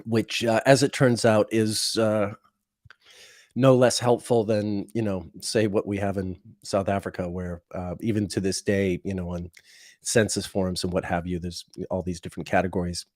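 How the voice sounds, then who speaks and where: A man hosting a casual livestream who talks in a rambling, halting way, with many fillers and restarts and wry chuckles. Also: fairly low pitch, flat delivery, darkish tone, no room sound, clean studio sound. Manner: chuckles through wry asides. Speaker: livestream host. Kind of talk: casual unscripted livestream talk.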